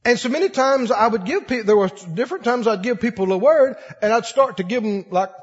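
A man from Mississippi, preaching a folksy, animated sermon with laughing asides. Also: very high voice, brisk, breathy edge. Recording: dull lo-fi sound in a long-echo hall.

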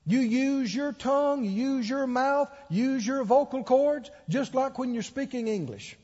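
A man's voice: very high voice, measured pace, darkish tone. A man preaching a sermon, telling stories with acted-out quotes and laughing along. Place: church. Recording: dull echoey church hall.

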